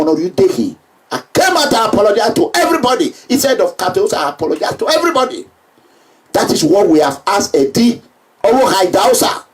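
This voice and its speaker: Nigerian man, emphatic public address, repetitive, some shouting, heard from a distance. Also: sits high. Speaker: political speaker.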